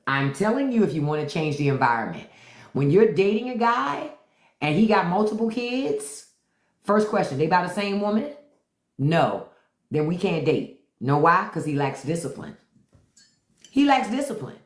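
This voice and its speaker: A middle-aged woman hosting a live stream, chatting with viewers in a blunt, profane, animated way. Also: on the low side, moderate pace, roomy sound.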